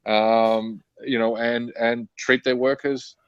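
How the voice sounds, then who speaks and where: A man appears as a guest author and activist in a political discussion, arguing his points fluently but with many "you know" fillers. His mid-range voice is slow and level with a clean tone and no room sound, though the recording is muffled.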